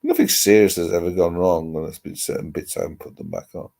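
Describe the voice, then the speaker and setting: He has a deep, warm voice with vocal fry and talks fast. As host of a casual livestream, he sits at home with a laptop on his lap, using its microphone to ramble and chat with viewers, swearing mildly now and then.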